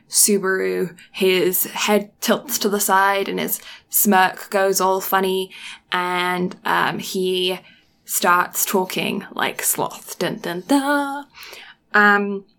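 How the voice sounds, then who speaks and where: Woman, casual chat, rambling, filler-heavy recap, mid-pitched voice. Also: a bit bright. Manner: rambling, many ums and restarts.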